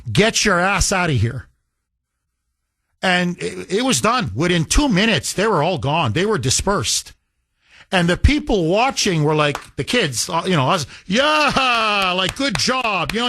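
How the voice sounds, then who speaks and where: A man hosting talk radio, telling a story in an animated way into a studio microphone. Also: a little high, dry recording.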